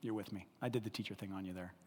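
A male pastor preaching a sermon, animated and repetitive, checking in often with the congregation. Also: deep voice, racing, big-room sound, noisy background.

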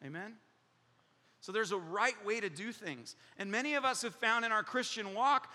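A male pastor preaching a sermon, telling a personal story with acted-out voices, frequent laughter and lively delivery. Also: sits high, a little fast. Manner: animated storytelling, acts out voices, laughs often. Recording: long hall reverb in a large room.

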